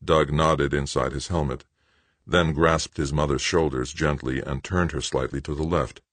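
A man reading an audiobook in measured, expressive scripted narration. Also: rumbling low, dry recording.

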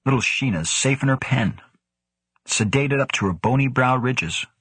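A man's voice: medium pitch, expressive, normal speed, a bit bright, husky, dry recording, pitched above the performer's own voice. A man voicing a wry male technician who talks in a dry, reassuring way. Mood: amused.

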